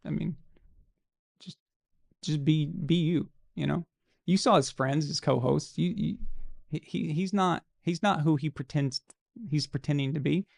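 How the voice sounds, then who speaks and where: On his live show, a man with a fairly high, gravelly voice that has a fried edge rants about sports, blunt, casual and freely profane. He's unhurried, leaves long pauses, and sounds a little mellow. The recording is dry and close.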